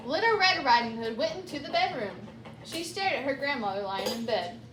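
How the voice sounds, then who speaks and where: A woman reading a children's story aloud with lively, chatty asides. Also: high-pitched, fairly quick, roomy sound, background noise. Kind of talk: animated read-aloud storytelling.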